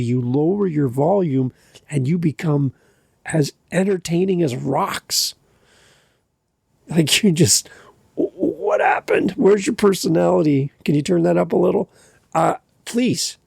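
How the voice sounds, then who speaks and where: Lively, gravelly man ranting about mic habits. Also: on the high side, no room sound, studio quality. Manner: energetic, exasperated, lively teaching. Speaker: podcast host. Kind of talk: podcast advice monologue. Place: home basement. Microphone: studio mic, a bit back from it.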